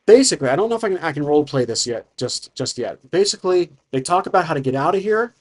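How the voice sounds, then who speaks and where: A man's voice: a little high, sing-song, quick pace. A man narrating his solo tabletop game, thinking aloud with frequent restarts. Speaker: solo game master and player.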